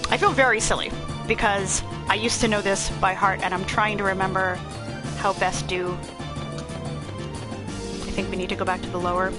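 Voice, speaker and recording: A woman's voice: mid-range voice, steady tone, moderate pace, long pauses. A young woman streaming a video game, chatting playfully and poking fun at herself. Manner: chatty, self-deprecating, playful. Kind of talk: casual gameplay commentary. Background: game music.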